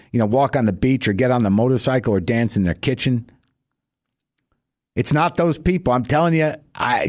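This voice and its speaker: A middle-aged man delivering a stand-up monologue, telling a wry story and leaping high and loud for his punchlines. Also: no echo, studio quality. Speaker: stand-up comedian.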